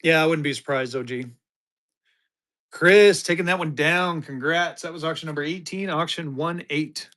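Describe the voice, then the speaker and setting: Running a live-stream auction from what sounds like a home streaming setup, a man with a slightly high, fairly bright voice is upbeat and chatty. He talks at normal speed, hypes up bidders, and keeps the sale moving.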